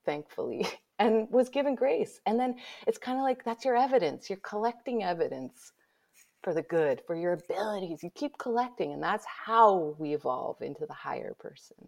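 A woman guest, an author, telling a personal story in conversation, lively and dropping to whispers for her inner thoughts. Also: mid-range voice, moderate pace, creaky.

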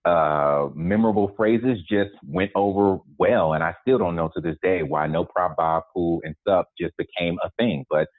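A man's voice: sits low, normal speed, few pauses. A man in his forties, a guest calling in, telling stories in a laid-back, joking way and laughing as he goes. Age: 40s. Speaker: guest, actor. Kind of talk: casual storytelling chat. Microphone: phone call. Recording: tinny dry phone line.

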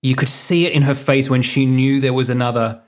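A man telling stories in lively casual chat, swearing freely. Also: medium pitch, a little fast. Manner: animated, swearing, tells stories. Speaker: podcast co-host.

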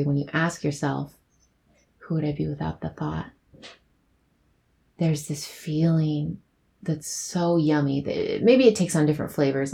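Soft, gravelly low-voiced woman podcaster. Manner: rambling, giggly, soft-spoken. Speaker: podcast host. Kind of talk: casual solo podcast reflection.

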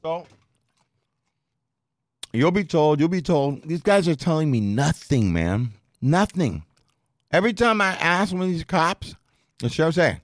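A man casually telling a story on a podcast, profane and animated, heavy with street slang. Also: a little high, normal speed, long pauses, no echo, studio quality. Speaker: storyteller guest.

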